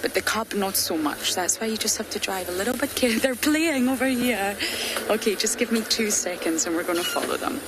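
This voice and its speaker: A woman safari guide giving lively live commentary from an open vehicle on a game drive, laughing often. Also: medium pitch, fairly quick. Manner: chatty, animated, laughs often. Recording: noisy outdoor broadcast, vehicle and ambience.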